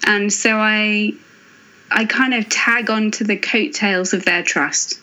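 A woman author speaking as a guest, thoughtful and earnest, pausing and restarting as she reflects on faith. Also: mid-range voice, steady tone, bright, forceful tone, low-quality recording. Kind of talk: reflective faith podcast conversation.

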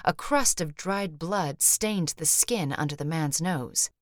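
A woman narrating an audiobook in measured, even storytelling. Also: low voice, no echo, clean studio sound. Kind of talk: scripted narration.

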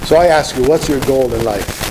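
A man's voice: medium pitch, a little fast, heavy background noise. A man preaching a sermon, earnest and emphatic, often restarting his words. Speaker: pastor.

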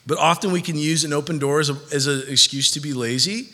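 A man's voice: a little high, quick pace, bright, forceful tone. A man preaching a sermon in a casual, conversational way, acting out listeners' voices. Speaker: pastor. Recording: hall reverb.

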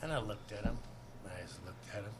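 A man's voice: on the low side, lively intonation, fast talker, background noise. A man, a guest actor, telling a rambling, profane anecdote full of "you know" in a podcast interview.

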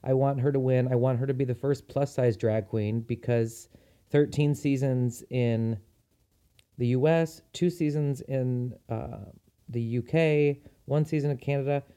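Male podcast host, casual enthusiastic chatter, mellow mid-pitched voice. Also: fairly even intonation, unhurried, clean tone. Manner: chatty and enthusiastic, frequent ums. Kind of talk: casual solo podcast chat.

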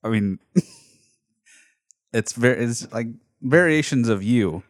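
A man's voice: medium pitch, lively intonation, slow. A man co-hosting a casual chat, teasing and laughing often.

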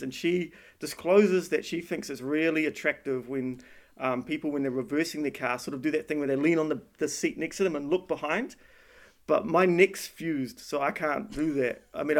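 A man telling a long casual anecdote, rambling, swearing freely and laughing through his own story. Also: on the high side. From New Zealand. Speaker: storyteller guest.

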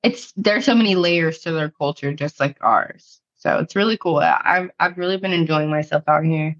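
A woman's voice: low voice, normal speed, a bit bright. An American woman co-hosting a podcast in a casual, rambling chat, filling her speech with "like" and laughing easily. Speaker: podcast co-host. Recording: dull lo-fi sound.

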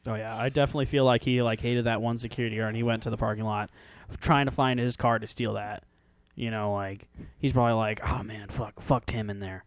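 A man's voice: medium pitch, steady tone, quick pace, smooth, dry recording. A young man co-hosting a podcast, rambling through joking theories in casual chat. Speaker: podcast co-host.

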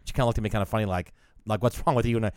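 A man's voice: fairly low pitch, steady tone, very fast, a little mellow, clean tone, dry recording, studio quality. Rambling, swearing man in casual chat. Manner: rambling storyteller, swears, acts out quoted voices. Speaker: podcast co-host.

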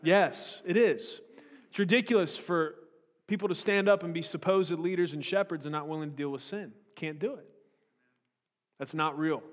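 Man, pastor, sermon, slightly high voice, blunt, joking, confrontational, long hall echo. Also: moderate pace. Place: church sanctuary.

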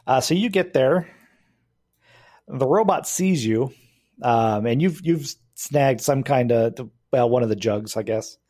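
A man's voice: mid-range voice, a little slow, warm tone. A man acting as game master, explaining rules and narrating a tabletop game with frequent hesitations.

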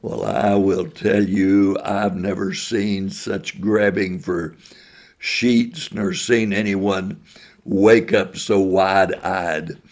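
An older man tells homespun stories from his years as a school principal, in a slow, unhurried drawl. His low voice has a gravelly, husky grain, and he tosses in chuckling asides. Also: fairly even intonation. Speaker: retired school principal and storyteller. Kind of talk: folksy spoken storytelling.

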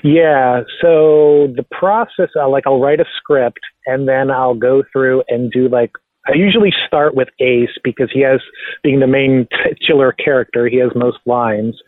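A man answering interview questions about making his audio series, relaxed and rambling with many fillers. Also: mid-range voice, a little slow, dry recording. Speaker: podcast creator and voice actor. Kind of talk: casual interview talk. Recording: tinny phone-like line, dry.

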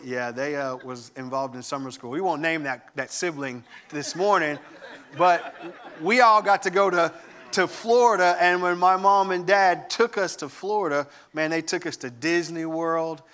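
A man giving a sermon, telling lively family stories with humor and enthusiasm. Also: on the high side, moderate pace. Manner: animated storytelling with humor. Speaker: guest preacher.

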